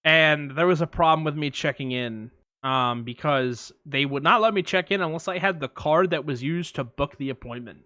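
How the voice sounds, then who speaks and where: A young man spins an animated, profane story for his podcast co-host, jumping into quoted voices along the way. His voice is bright and pitched a little high. The recording is close and dry. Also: normal speed, dry recording. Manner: animated storyteller, acts out quotes, swears a lot. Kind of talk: casual storytelling chat.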